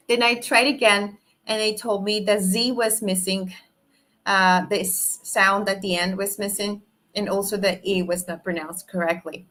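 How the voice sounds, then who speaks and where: A woman lectures English teachers over a video call. She speaks at a middle pitch, explains step by step, and checks in with little "no?" and "right?" tags. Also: fairly bright tone. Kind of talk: online lecture. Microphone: video call microphone.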